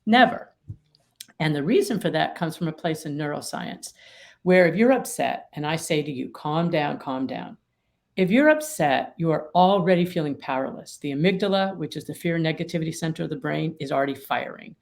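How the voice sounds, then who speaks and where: Gravelly-voiced middle-aged woman, emphatic. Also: low voice, brisk. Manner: emphatic, animated explaining with vivid examples. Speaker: attorney mediator, guest author. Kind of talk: interview conversation.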